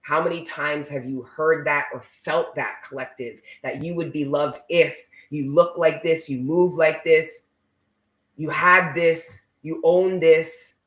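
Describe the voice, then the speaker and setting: Tarot reader, male, fairly high voice, intense and preachy, curses casually, roomy echo. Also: steady tone, slow, fairly bright tone. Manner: emphatic, preachy, swears freely. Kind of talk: casual spiritual reading for viewers.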